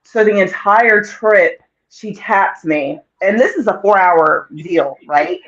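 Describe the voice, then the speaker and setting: A woman in her forties from North Carolina, telling a story as a guest in a casual interview, animated and quick to laugh. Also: mid-range voice. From North Carolina, USA. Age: 40s. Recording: dull lo-fi audio.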